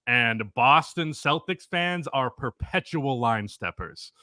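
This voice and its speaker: Profane, opinionated male podcast co-host; bright, tense tone, dry sound. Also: medium pitch, lively intonation, takes it slowly, no echo. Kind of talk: casual sports podcast chat.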